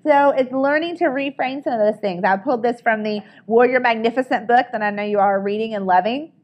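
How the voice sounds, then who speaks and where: A woman's voice: a little high, fairly quick. A woman giving an upbeat training talk to a group, coaching them and often checking in with "right?". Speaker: sales trainer.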